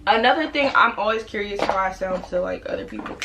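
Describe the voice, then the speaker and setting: A young woman vlogger talks casually in front of the camera while doing her makeup. She tells stories with energy and lots of playful voices. The recording has a clear background hiss. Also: mid-range voice, quick pace. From Washington DC area. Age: young adult. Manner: chatty, animated storytelling with playful voices. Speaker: beauty vlogger. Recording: noisy home recording.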